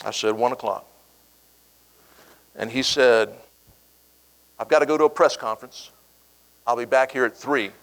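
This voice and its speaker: A middle-aged man giving a speech, telling a personal story with animated delivery and acting out the voices of the people in it. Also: medium pitch, a little slow, long pauses, low-quality recording. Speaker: keynote speaker.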